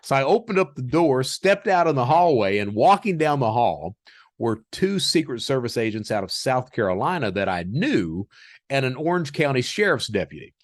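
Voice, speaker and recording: A man telling stories as a podcast guest in a casual, animated way, chuckling as he acts out the dialogue. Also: mid-range voice, moderate pace, dry recording, clean studio sound. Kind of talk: casual storytelling.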